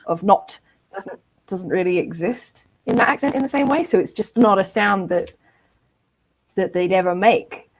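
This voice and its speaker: A woman's voice: mid-range voice, moderate pace, low-quality recording. A woman co-hosting a casual podcast, explaining things in a thoughtful way. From Britain. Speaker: podcast co-host. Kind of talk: casual chat.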